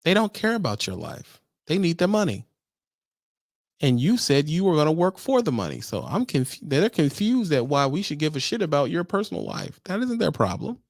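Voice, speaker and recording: Gravelly, exasperated trucker ranting. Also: male voice, a little high, huge pitch swings, normal speed, dry recording, studio quality. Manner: exasperated, preachy lecturing with slang. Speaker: truck driver trainer. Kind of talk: casual vlog rant.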